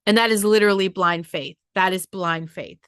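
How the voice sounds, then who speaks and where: Woman, podcast host, motivational monologue: blunt, profane, exhorting; mid-pitched, dry close recording. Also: steady tone, normal speed, fairly bright tone, clear, resonant tone, no echo.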